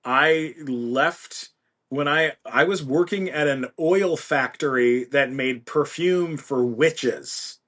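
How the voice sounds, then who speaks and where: Guy guest on a podcast, bright voice, spins a story with jokey asides. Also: fairly high pitch. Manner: animated, quick storytelling with self-mocking asides. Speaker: interview guest. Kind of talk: anecdotal storytelling.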